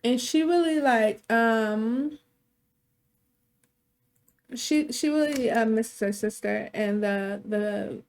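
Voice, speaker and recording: A woman's voice: a little high, slow pace, pauses often, a little mellow. A young woman casually narrating a life-sim game story, loose and chatty, with offhand swearing. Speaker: gameplay storyteller.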